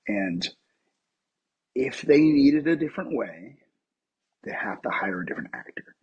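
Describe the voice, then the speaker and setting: A man in his thirties from Colorado, an actor telling a personal story in a casual interview, animated and full of fillers. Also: mid-range voice, normal speed, long pauses, husky, lo-fi sound. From Colorado, USA. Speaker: actor, podcast guest.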